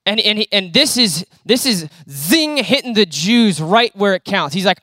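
A young man preaching a conversational sermon in a church hall, animated and acting out the quotes he tells. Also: high voice, moderate pace, clean studio sound.

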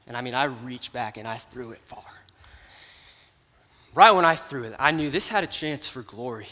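A young man giving a comedic storytelling sermon at an event, animated and swinging from hushed to loud. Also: mid-range voice, moderate pace. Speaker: youth speaker at an event. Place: large hall at an event. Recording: hall reverb from a stage.

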